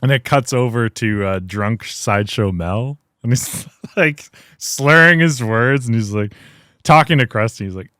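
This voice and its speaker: A man's voice: mid-range voice, measured pace, sharp tone, clean tone, no echo, clean studio sound. A man casually recapping an episode as a podcast host, rambling with lots of fillers and laughs. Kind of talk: casual chat.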